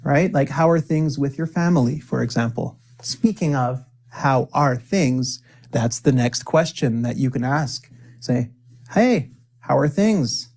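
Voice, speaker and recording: Speaking at an ordinary pitch with a slightly mellow quality, an upbeat man leads a spoken English lesson. He encourages his learners and delivers each example phrase slowly and clearly for them to echo.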